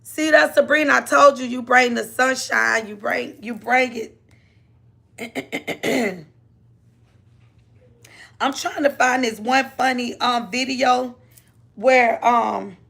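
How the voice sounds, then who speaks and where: Lady streamer chatting slow with her viewers, honey this baby that, raspy fry in her voice. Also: fairly high pitch, steady tone, pushed and bright. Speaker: livestream host. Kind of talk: casual livestream chat.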